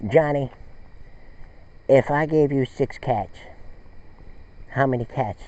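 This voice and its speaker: A man voicing an exasperated schoolteacher quizzing a pupil, slow and patient. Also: mid-range voice, a little mellow, muffled recording, voice pushed up, close to an everyday voice.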